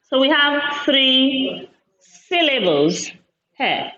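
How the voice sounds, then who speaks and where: Slow, deliberate woman teaching a class. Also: on the high side, animated, a bit bright. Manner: slow, deliberate, repeats words syllable by syllable. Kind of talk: classroom lesson. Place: classroom with a board. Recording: echoey room, dull lo-fi sound.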